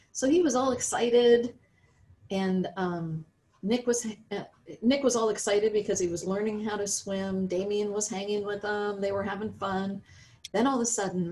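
A woman's voice: mid-range voice, a little slow, darkish tone, low-quality recording. A woman with an American accent teaching a children's religion lesson, reading a story aloud and asking the listeners questions about it.

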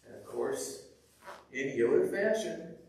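Higher-voiced preacher, echoey and distant. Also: male voice, sing-song, slow, gravelly, a little mellow. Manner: conversational, with restarts and repeated words. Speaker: pastor. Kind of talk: sermon. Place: church sanctuary. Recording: echoey church from far off.

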